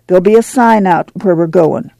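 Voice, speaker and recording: A man voicing a determined middle-aged farm mother, talking firmly and briskly. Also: sits high, vocal fry, dark tone, no echo, clean studio sound. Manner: firm, brisk, commanding.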